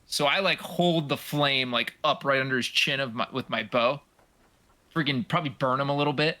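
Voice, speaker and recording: A man's voice: mid-range voice, moderate pace, pushed and bright. A man playing a tabletop game in a casual, easygoing way, laughing often. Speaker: player.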